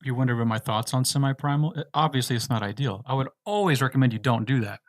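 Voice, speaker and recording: A man's voice: medium pitch, fast, no room sound, clean studio sound. A man from the United States hosting a casual livestream, reading viewer questions aloud and answering them in a loose, laid-back way. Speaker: livestream host answering chat.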